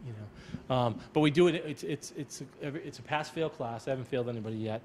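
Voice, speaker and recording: A man's voice: medium pitch, racing, darkish tone, slight background noise. A middle-aged man, a school counselor, talking casually on a panel, rambling and repeating words as he reassures parents.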